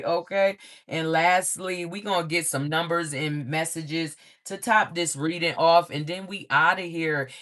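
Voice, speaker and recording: A man giving a livestream tarot reading to his viewers in a loose, profane, animated way, laughing often and ending many lines with "okay?". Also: fairly high pitch. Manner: profane, frequent "okay?" check-ins. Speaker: tarot reader.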